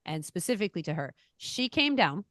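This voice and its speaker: A middle-aged woman chatting on a podcast, telling a story with lively swings in her voice and playing the parts of the people in it. Her voice sounds close and dry, with no room around it. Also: lowish voice, fairly quick, no room sound. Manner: animated storytelling, acts out quoted voices. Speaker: podcast co-host. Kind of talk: casual chat.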